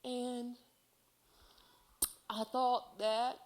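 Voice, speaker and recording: A woman's voice: on the high side, little pitch movement, drawn-out words, a little mellow. A woman sharing a heartfelt personal testimony in church, speaking earnestly and filling her sentences with "like" and "um.". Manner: earnest, heartfelt, filler-heavy with many "like"s.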